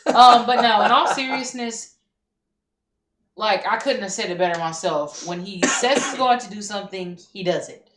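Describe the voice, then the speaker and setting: Woman, casual podcast co-host, animated bantering delivery, bright tone, echoey room with faint noise. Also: medium pitch, normal speed. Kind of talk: casual wrestling chat.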